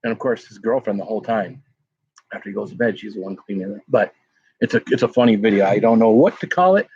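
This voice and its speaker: A man's voice: on the low side, fast, a little mellow, husky, no room sound. A man hosting a casual pepper-tasting livestream, rambling and greeting viewers in chat by name. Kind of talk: casual live-stream chat. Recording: dull lo-fi sound.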